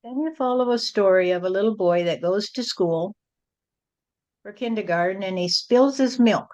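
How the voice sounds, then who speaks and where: A woman speaking as a spiritual channel, delivering a message in a slow, repetitive, rhyming preaching cadence. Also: mid-range voice, darkish tone. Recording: dull lo-fi recording.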